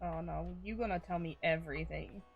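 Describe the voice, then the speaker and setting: A woman streaming a game live, reacting excitably with swearing, shouts and laughs. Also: lowish voice, fairly quick, gravelly, lo-fi sound, soft background music.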